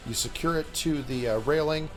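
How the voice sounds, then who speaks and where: A man's voice: a little high, normal speed, faint music behind. A man running a tabletop game as game master, narrating with a wry touch. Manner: descriptive, wry.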